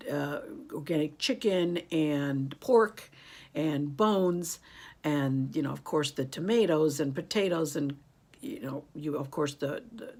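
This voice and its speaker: A woman in her 50s, a beauty YouTuber, rambles casually to camera during a tag video, getting emotional along the way. Her voice is low and slightly rough, with a darkish tone.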